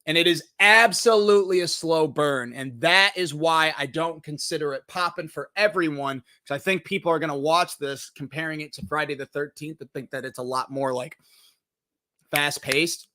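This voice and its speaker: Animated, high, bright-voiced man. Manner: animated storytelling, swears freely, jumps in pitch acting out quotes. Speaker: movie review host. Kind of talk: casual live-stream movie review.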